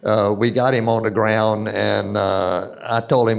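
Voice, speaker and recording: An older man with a Southern US accent tells a long story on stage, halting often with filler sounds. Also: fairly low pitch, vocal fry. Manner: halting, many uh fillers, slow drawl. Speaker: astronaut guest.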